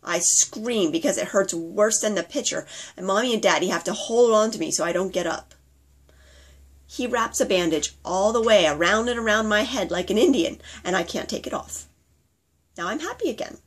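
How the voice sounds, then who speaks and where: Reading her memoir aloud, this woman takes on the present-tense voice of herself at five, keeping the telling simple and earnest. Her voice is mid-range, slightly rough, and expressive, at a moderate pace.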